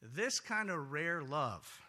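A man preaching a sermon in a church, animated and conversational, swinging between loud excitement and quiet earnest talk. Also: fairly high pitch, slow pace. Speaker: pastor. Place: church sanctuary.

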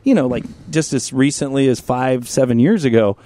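A man's voice: mid-range voice, moderate pace, dry recording. A man co-hosting a podcast, telling a story in casual chat, swearing freely and laughing as he goes. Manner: profane, animated, laughing as he tells stories. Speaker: podcast co-host. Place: indoor studio room.

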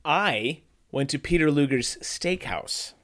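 A man's voice: on the high side, animated, takes it slowly, a bit bright. A man co-hosting a podcast, telling a food story with dry, joking asides. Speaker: podcast co-host. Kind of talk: casual chat.

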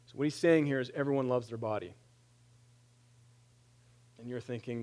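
A man in his thirties preaching a conversational sermon, animated and plain-spoken, with wry humor. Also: medium pitch, normal speed, pauses often. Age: 30s. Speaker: pastor.

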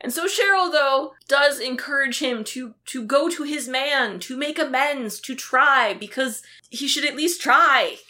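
A woman's voice: sits high, measured pace, hardly any pauses, sharp tone. A woman co-hosting a podcast, chatting casually as she recaps a TV episode, acting out the characters' lines and swearing freely. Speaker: podcast co-host.

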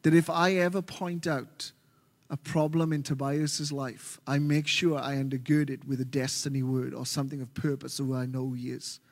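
An Australian man preaching a sermon as pastor, animated and joking with his congregation. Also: mid-range voice. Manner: animated, jokey preaching with quick asides. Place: large church hall. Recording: reverberant church hall.

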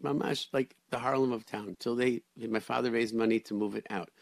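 A man hosting a radio chat, telling stories in a lively way with many restarts and Hebrew and Yiddish words. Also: medium pitch, brisk, creaky, dry recording. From Rochester, New York area. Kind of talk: casual storytelling chat.

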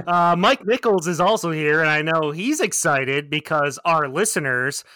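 Bright higher-voiced dude hosting a movie podcast, teasing, dry close sound. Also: male voice, lively intonation, slow, no echo. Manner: joking, teasing. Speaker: podcast host. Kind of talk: casual film podcast chat.

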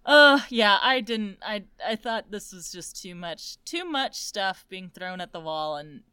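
A woman's voice: medium pitch, expressive, unhurried, pushed and bright, clean tone, no echo. A young woman co-hosting a podcast, musing and wry in casual book chat. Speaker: podcast co-host.

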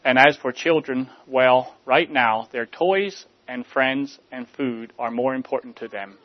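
Man preaching, measured, slightly muffled. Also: mid-range voice. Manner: measured, rhetorical, drops soft at line ends. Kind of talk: sermon.

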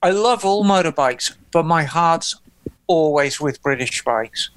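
Podcast co-host, male, high and smooth, dry close sound, easygoing explainer. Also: measured pace. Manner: relaxed, thoughtful explaining with many fillers. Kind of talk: casual chat.

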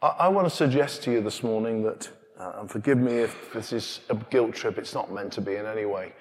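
A man with an English accent preaching a sermon, telling stories with animated asides. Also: fairly low pitch, a little fast. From England. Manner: animated storytelling, acting out scenes in hushed asides. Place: church. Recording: long reverb of a large church.

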